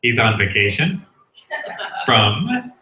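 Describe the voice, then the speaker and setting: A man's voice: on the low side, big pitch swings, slow pace, dull audio, slight background noise. Casual male host introducing acts. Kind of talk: introducing acts at an open mic. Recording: echoey room from far off.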